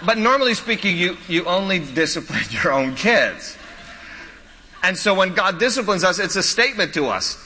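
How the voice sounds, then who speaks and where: A man preaching a sermon as a pastor, repeating his key points and telling stories with animated, lively delivery. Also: high voice, moderate pace, slight background noise. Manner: animated storytelling with laughs and quoted voices. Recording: long hall reverb.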